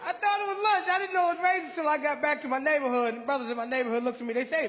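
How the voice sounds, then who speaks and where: A man guesting on a comedy stage, telling his side of a story in a laid-back, deadpan way. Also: very high voice, very fast, hardly any pauses. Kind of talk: stand-up storytelling. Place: large live comedy venue. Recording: stage mic in a reverberant hall with crowd noise.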